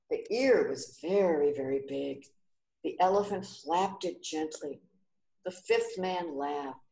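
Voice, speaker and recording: A woman reading a children's story aloud clearly and expressively. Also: sits low, darkish tone, reverberant.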